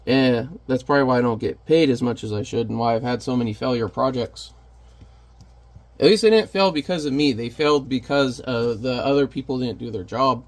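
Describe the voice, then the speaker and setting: A man's voice: mid-range voice, fairly quick. A man who is a parent, chatting casually and candidly while painting on camera, rambling and self-deprecating. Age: adult parent.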